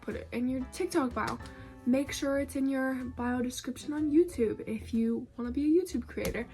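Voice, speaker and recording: Chatty young woman, higher voice. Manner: chatty, many fillers. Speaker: content creator. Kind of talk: casual vlog talk. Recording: faint music behind.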